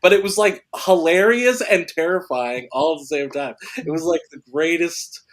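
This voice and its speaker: An excitable man with a slightly high voice tells a story as a podcast guest. He is animated and breaks into laughter between lines, with the quick, loose energy of someone who loves his own anecdote. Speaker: actor and filmmaker guest.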